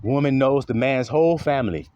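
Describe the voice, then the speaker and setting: A man's voice: mid-range voice, brisk, a little mellow, a little hiss or hum. A man delivering an impassioned spoken monologue, preachy and blunt, swearing freely and slipping into mocking sarcasm. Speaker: online commentator; father.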